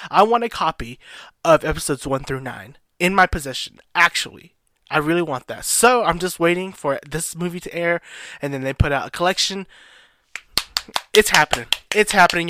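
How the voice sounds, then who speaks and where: A man hosting his own show, giving an excited live reaction to a trailer, gushing and repeating himself. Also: fairly high pitch, no room sound, studio quality. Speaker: podcast host reacting to a trailer.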